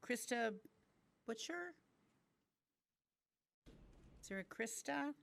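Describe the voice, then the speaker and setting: A woman's voice: fairly high pitch, expressive, takes it slowly, vocal fry, fairly bright tone. A woman chairing a city council meeting who calls up speakers and keeps them to time in a firm, procedural way. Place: council chamber.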